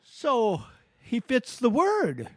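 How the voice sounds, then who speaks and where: A man's voice: extremely high pitch, wildly swooping pitch, drawn-out words, no room sound. A man co-hosting a podcast, chiming in as a supportive, affirming listener. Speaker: podcast co-host. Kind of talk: casual podcast conversation.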